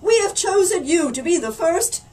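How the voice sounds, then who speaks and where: A pompous, blustering storybook mayor, put on by a woman reader, bossy and loud. The voice rides high and swoops widely. It sounds picked up from across a room with a faint hum behind. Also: animated, normal speed, far from the mic. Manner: loud, bossy and self-important. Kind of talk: storybook reading.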